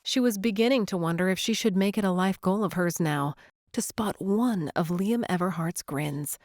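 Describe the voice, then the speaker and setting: Woman narrating a romcom audiobook, lowish voice, dry close mic. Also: normal speed, darkish tone, no room sound. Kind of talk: scripted narration.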